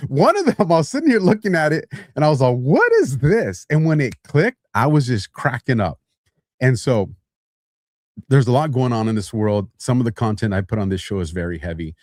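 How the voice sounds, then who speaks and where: Animated male podcast host, dry close mic. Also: mid-range voice, normal speed, no room sound. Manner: lively, builds to heated mock outrage, laughs often. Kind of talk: animated storytelling ad read.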